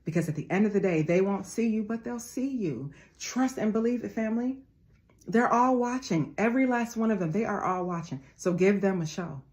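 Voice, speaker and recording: A woman's voice: medium pitch, lively intonation, fairly quick, a little mellow. A woman in her forties giving a motivational talk, preaching with repeated phrases and calling her listeners family. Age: 40s. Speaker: motivational speaker.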